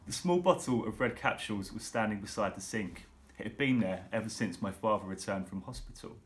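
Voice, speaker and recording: A man reading a children's storybook aloud for a school, with steady, expressive narration. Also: lowish voice, brisk. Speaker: school reader.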